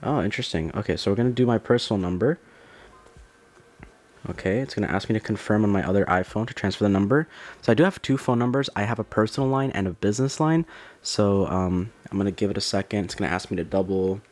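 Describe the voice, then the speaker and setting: Young male tech vlogger, slightly low voice, eager and rambly, home unboxing. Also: fast. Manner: excitable, rambling with many fillers and restarts. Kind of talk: casual unboxing narration. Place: dim room at home.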